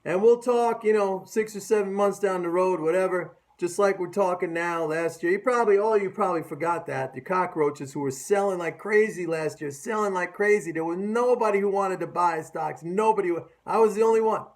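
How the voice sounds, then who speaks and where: A middle-aged man with a notably high-pitched voice delivers a loose, sarcastic rant about the market. He mocks his audience, hammers his points home by repeating them, and talks like a seasoned trader. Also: brisk, few pauses. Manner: sarcastic and mocking; emphatic, repeats phrases. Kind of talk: casual market commentary rant.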